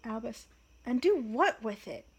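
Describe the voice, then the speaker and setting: A woman's voice: fairly high pitch, animated, measured pace, slightly rough. A woman reading the lines of a sulky, sarcastic teenage boy wizard in a storybook reading. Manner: sarcastic, mocking.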